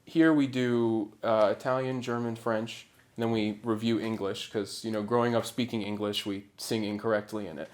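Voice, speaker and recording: A man's voice: lowish voice, steady tone, moderate pace, few pauses. A man teaching a singing diction lesson, explaining patiently step by step. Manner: patient, instructive.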